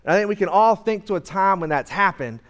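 A young man preaching to a church congregation, his voice pitched noticeably high. He talks loosely and conversationally, with plenty of "uh"s between thoughts. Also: lively intonation, fast, a bit bright. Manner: casual conversational preaching with many fillers. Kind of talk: sermon. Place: church sanctuary.

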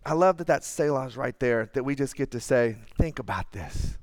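A man, preaching a sermon in a conversational, earnest way, sometimes dropping to quiet asides. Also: medium pitch, brisk, clear, resonant tone, dry recording, clean studio sound. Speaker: pastor.

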